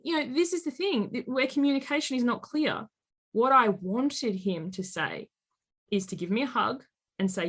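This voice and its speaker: A woman in her late thirties, a life coach telling stories in an interview and acting out quoted speech with lively energy. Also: fairly high pitch, moderate pace, husky. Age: late 30s. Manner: animated storyteller, acts out quotes. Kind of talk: conversational interview.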